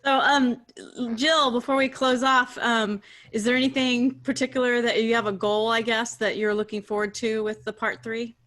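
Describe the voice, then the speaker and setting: A woman co-hosting a spiritual group call, speaking in a soft, affirming way with many fillers. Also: a little high, little pitch movement, normal speed. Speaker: co-host.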